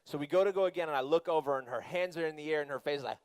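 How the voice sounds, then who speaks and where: A middle-aged man, a youth pastor, preaching a sermon and telling a family story in an animated, conversational way with quick asides. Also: fairly high pitch, clean tone.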